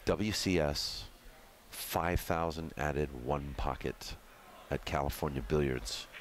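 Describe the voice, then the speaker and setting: A man doing live commentary on a pool match in a pool hall, chatty and excitable. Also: very deep voice, takes it slowly, slight background noise.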